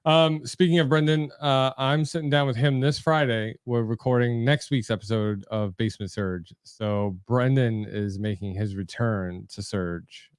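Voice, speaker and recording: Smooth-voiced male podcast host. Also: medium pitch, normal speed, hardly any pauses, no room sound, clean studio sound. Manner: relaxed, joking, with fillers. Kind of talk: casual chat.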